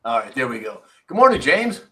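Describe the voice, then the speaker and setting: Guy hosting a morning live stream, teasing viewers, bright punchy voice. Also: medium pitch, very animated, fairly quick. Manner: chatty, teasing, reads out viewer names. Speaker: live show host. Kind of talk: casual live-stream chat.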